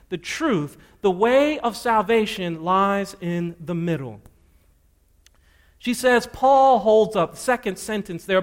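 A man preaching a sermon in a church, emphatic and repetitive with playful asides, speaking into a pulpit microphone. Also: very high-pitched. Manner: emphatic, repeats scripture references, playful asides. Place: church sanctuary.

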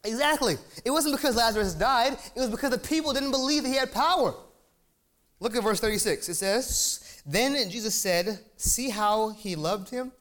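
A man with a high voice preaches with rising excitement, pressing points home and stopping to ask his listeners for an amen. He stumbles over repeated words when he gets worked up. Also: moderate pace. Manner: excitable, emphatic, asks the crowd for amens. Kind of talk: sermon.

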